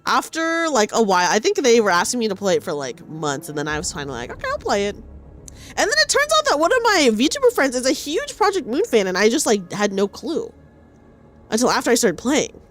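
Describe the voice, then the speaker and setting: A woman's voice: fairly high pitch, wildly swooping pitch, a little fast. A woman streamer chatting casually and greeting viewers in a bubbly, upbeat way. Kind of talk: casual livestream chat. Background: faint game music.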